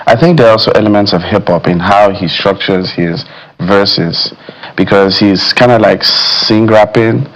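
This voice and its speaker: A man with a somewhat low voice talks as a music critic in a broadcast studio. He is measured and thoughtful, and he fills his pauses with "you know". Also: rough recording. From Nigeria. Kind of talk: studio discussion.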